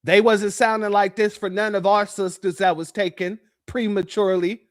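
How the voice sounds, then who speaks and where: A man hosts a reaction commentary, mocking and preaching to his audience. His voice is very high for a man. He swings between scornful asides and raised emphasis. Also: little pitch movement, normal speed. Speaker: host of a commentary show.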